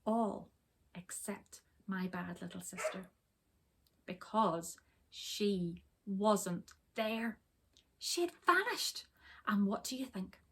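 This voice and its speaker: A woman reading a children's story aloud, expressive and sometimes dropping to a whisper for suspense. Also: medium pitch, takes it slowly, breathy edge.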